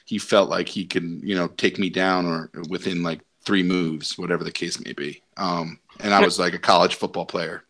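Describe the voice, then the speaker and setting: A man's voice: deep voice, fairly even intonation, normal speed, few pauses, fairly bright tone. A young adult man chatting on a podcast, telling a story with lots of fillers and bursts of laughter. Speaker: podcast co-host. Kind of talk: casual storytelling chat.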